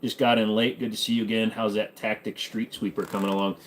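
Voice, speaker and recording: A man's voice: on the low side, flat delivery, fast. A man hosting a casual livestream Q&A, joking and irreverent, answering chat questions while fiddling with gear. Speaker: host. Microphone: desk microphone.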